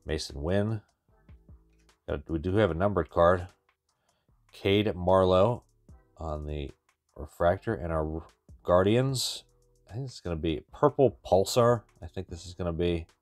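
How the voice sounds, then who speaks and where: The host of a card-opening channel, speaking low and unhurried with long pauses, keeps up casual, wry, chatty commentary as he rips into packs. The recording is dry, with faint music behind him.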